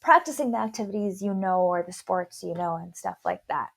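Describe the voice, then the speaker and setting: A woman's voice: on the low side, lively intonation, fairly quick, vocal fry. Woman with a slight lisp explaining. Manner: explains carefully, stumbling and restarting on long words. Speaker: podcast host. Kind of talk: casual explanatory chat.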